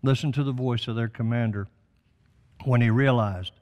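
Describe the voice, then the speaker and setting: A man's voice: mid-range voice, moderate pace, a little mellow, in a large hall, muffled recording. An older man, a guest on a talk show, speaking with emphatic, preacherly conviction about faith and prophecy. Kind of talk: impassioned religious talk.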